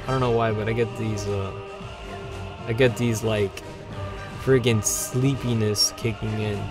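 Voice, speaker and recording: A man hosting a weekly gaming livestream, sleepy and yawning, rambling between bursts of excitement. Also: fairly low pitch, a little slow, music in the background. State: tired, yawning. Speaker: livestream host. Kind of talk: gameplay livestream commentary.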